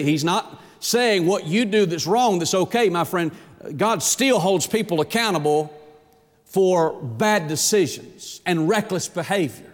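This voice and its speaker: A man's voice: high-pitched, a little slow. A man preaching a sermon as a pastor, with an emphatic delivery that rises and falls. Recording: long hall reverb.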